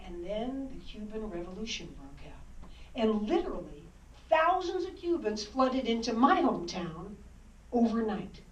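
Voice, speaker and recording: A woman in her sixties, an author, telling stories from her life in a lively, wry, dramatic way. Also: medium pitch, measured pace. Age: 60s. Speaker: author and speaker. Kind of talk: storytelling talk. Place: library hall, indoors. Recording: roomy hall, distant dull mic.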